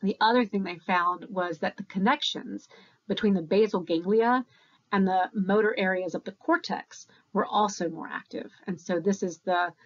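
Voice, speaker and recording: A woman's voice: medium pitch, dull audio. A woman giving a recorded university lecture in a conversational way, correcting herself as she goes and counting beats aloud.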